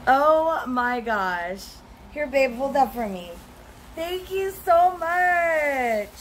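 A woman's voice: high voice, animated, drawn-out words, slight background noise, rough recording. A young woman chatting at home as she opens gifts on camera, gushing with gasps and squeals. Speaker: vlogger opening mail. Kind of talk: casual unboxing chat.

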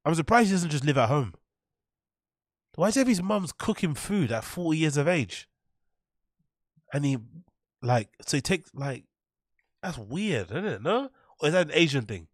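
A sarcastic man makes fun of a cooking clip in loose, swearing commentary. His voice sits fairly high, and the recording is dry and close with no room sound. He laughs at his own jokes as he goes. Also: very animated, normal speed, long pauses, no room sound. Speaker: host reacting to a video. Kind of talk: casual mocking commentary.

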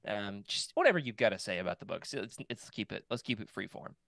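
A man's voice: lowish voice, very animated, quick pace, gravelly, fairly bright tone, no echo, studio quality. A man hosting a casual podcast chat, playful and rambling, trailing off into fillers. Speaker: podcast host.

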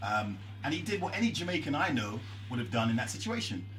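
In a busy bar, a man hosts a rum tasting as a jokey live presentation, laughing often and bantering with the audience. He sounds very animated, fast and a bit bright, at medium pitch, picked up by a distant mic over a noisy crowd.

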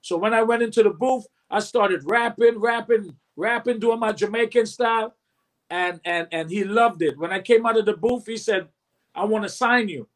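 High-voiced man in his fifties. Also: moderate pace. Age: 50s. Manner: animated storyteller who acts out quotes and hums beats. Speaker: guest recording artist. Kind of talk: storytelling interview.

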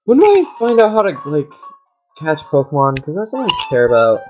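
Excitable low-voiced woman gaming. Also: fairly quick, muffled recording, faint music behind. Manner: swings from low mumbling to shrieking outbursts; chatty, frequent fillers. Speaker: gameplay commentator. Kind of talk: casual let's play commentary.

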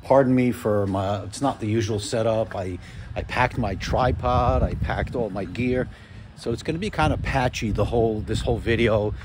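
A man's voice: on the low side, normal speed, background noise. A man rambling in a friendly, chatty way as a motorcycle vlogger, talking casually from his home garage. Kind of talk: casual vlog chat.

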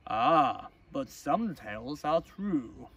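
Guy doing a wise old granddad cat, slow and quiet, storybook read-aloud. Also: mid-range voice, expressive, recorded from a distance, slight background noise. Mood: calm. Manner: quiet, measured.

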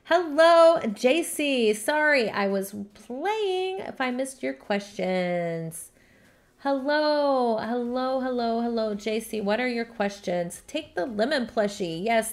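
A woman's voice: a little high, expressive, takes it slowly. A woman hosting a casual gameplay live stream, chatty and upbeat, greeting viewers by name and gushing over what she finds.

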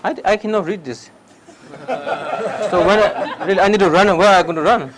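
A man's voice: sits high, moderate pace, a crowd in the background, rough recording. A man giving a public talk on meditation in simple, broken English, with short repeated phrases and direct questions to his listeners. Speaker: meditation teacher.

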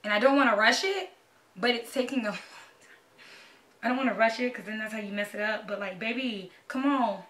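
A young woman, talking anxiously and excitedly to her camera in a casual vlog. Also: on the high side, moderate pace, long pauses. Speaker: vlogger. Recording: echoey room, voice a bit far from mic.

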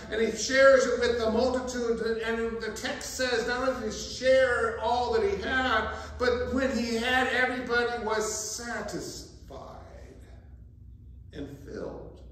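A man preaching a sermon as pastor, telling the story in a lively way with humorous asides. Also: very high-pitched. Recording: very echoey, distant mic, faint ambience.

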